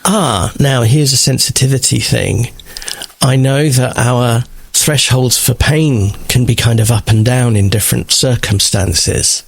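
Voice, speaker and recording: A middle-aged man, hoarse from covid, co-hosting a casual podcast chat with a husky voice and halting, restarting speech. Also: mid-range voice. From London-based. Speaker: podcast co-host.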